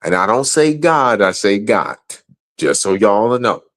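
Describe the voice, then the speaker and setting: A man's voice: on the low side, lively intonation, moderate pace, a bit bright. Angry profane man ranting. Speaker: guest. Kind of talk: heated livestream rant.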